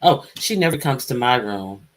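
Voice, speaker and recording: A woman's voice: extremely low pitch, animated, moderate pace, a little hiss or hum. A woman hosting a casual live stream, chatting and calling guests up to speak. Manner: chatty, calls out guests by name.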